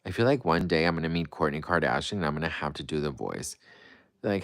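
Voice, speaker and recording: A man's voice: rumbling low, lively intonation, fast talker, fairly bright tone, dry recording. A man hosting a livestream who reads out viewer comments and answers them in a playful, dramatic, gushing way. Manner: playful and dramatic, swings between breezy and gushing. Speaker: livestream host. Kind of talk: casual livestream chat reading comments.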